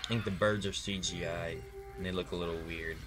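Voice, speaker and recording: A man's voice: sits low, steady tone, fairly quick, music in the background. A man co-hosting a reaction video in casual chat, hesitant and full of fillers and restarts.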